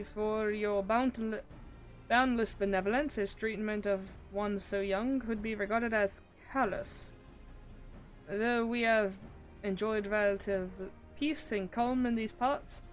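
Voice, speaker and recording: A woman's voice: medium pitch, lightly acted. A woman voicing a grown soldier man in a fantasy game, who worries over a young boy. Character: caring, protective soldier man, grown adult.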